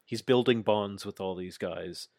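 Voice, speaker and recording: Male podcast co-host, low voice, dry close sound, animated storyteller. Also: unhurried, vocal fry, dry recording. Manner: animated retelling, acts out quotes. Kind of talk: casual wrestling chat.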